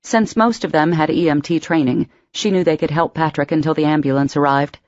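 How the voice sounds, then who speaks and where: A woman narrating an audiobook in a steady, expressive storytelling voice. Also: deep voice, brisk, no room sound, highs cut off. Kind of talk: scripted narration.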